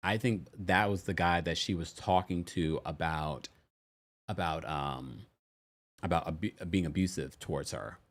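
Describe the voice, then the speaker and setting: A man hosting a casual chat show, recapping reality TV with animated talk, big pitch jumps and frequent laughter. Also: measured pace. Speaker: podcast host.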